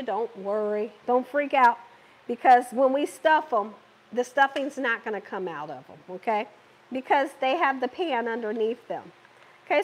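A woman hosting a live cooking stream from her home kitchen, chatting with viewers and laughing often. She is getting over an illness. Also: sits high. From Southern United States. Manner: chatty, talks to viewers and reads comments. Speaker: cooking show host.

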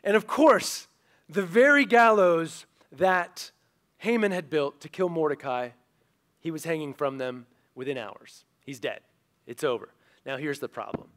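High-voiced animated male preacher. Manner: animated, acts out quoted characters. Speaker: pastor. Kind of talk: sermon storytelling.

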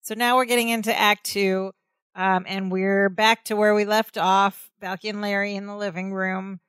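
A woman's voice: mid-range voice, level tone, normal speed, a bit bright, smooth, dry recording. Woman podcast cohost, chatty recap, lots of "like", super dry close mic. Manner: narrates scenes with many "like" fillers. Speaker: podcast co-host. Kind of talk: casual recap chat.

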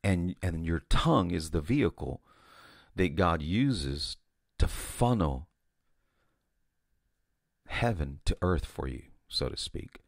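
A man's voice: low-pitched, animated, takes it slowly, vocal fry, long pauses, dry recording, clean studio sound. A man preaching an informal sermon, telling of a vision in a conversational way with frequent restarts and "you know". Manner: conversational, repeats words and restarts, says "you know" often.

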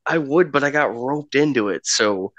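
A man's voice: medium pitch, lively intonation, moderate pace, dull audio, a loud crowd. A man co-hosting a podcast in casual chat, joking and telling stories with hesitations. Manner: joking, drops into silly voices. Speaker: podcast co-host.

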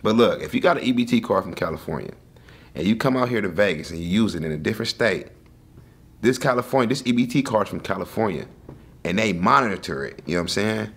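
A man hosting a podcast in casual chat, blunt and quick to laugh as he reacts to his guest. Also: fairly low pitch, expressive, a bit bright, husky. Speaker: podcast host.

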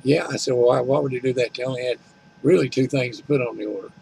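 Older man with a gravelly voice, telling a folksy, complaining home-vlog story. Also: medium pitch, fairly even intonation, fast talker, mellow, a little hiss or hum, poor audio. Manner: folksy, complaining, retells conversations. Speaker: vlogger. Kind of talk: rambling storytelling.

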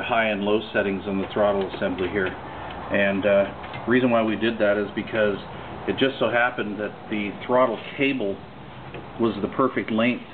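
Guy showing off his home mechanic work, lowish voice, lots of uh's, tinny phone-like sound. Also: background noise. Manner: relaxed, hesitant, many fillers. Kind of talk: casual walkthrough demo. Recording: tinny phone-like camcorder audio.

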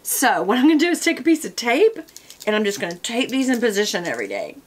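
A woman's voice: fairly high pitch, very animated, fast talker. A woman, talking casually to camera from her desk as a product vlogger, chatty and wandering off on tangents.

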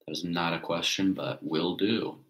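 A man hosting a casual livestream, answering viewer questions in a relaxed, rambling way. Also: deep voice, normal speed, creaky, poor audio. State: hiccups. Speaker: livestream host.

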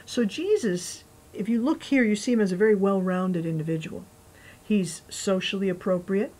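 A woman's voice: mid-range voice, normal speed, low-quality recording. Chatty woman pastor preaching. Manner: chatty and animated, with asides and laughs. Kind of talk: conversational sermon with scripture reading.

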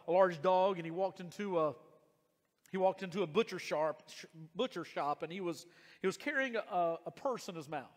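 A man preaching a sermon as pastor, earnest, often repeating and restarting phrases and slowing down to stress key words. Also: high voice, in a large hall. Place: church sanctuary.

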